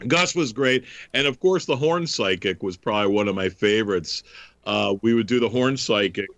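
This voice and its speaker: Bright, laughing talk host. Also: male voice, lowish voice, normal speed, no echo. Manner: enthusiastic storyteller, laughs often. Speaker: podcast host. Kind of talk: casual chat.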